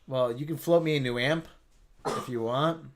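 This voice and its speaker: A man's voice: medium pitch, normal speed, crowd noise. A man co-hosting a livestream in casual chat, rambling and joking with lots of restarts. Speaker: livestream co-host.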